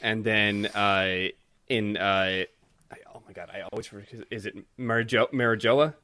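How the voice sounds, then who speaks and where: A man co-hosting a podcast in casual, relaxed and somewhat halting chat. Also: on the low side, no room sound, studio quality. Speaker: podcast co-host.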